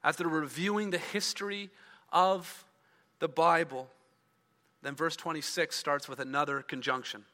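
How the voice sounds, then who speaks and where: A male pastor reads scripture in his sermon and then interprets it, with emphasis that climbs and sentences that trail off. His voice is on the high side, steady and sharp, at normal speed, ringing with a large hall's long reverb.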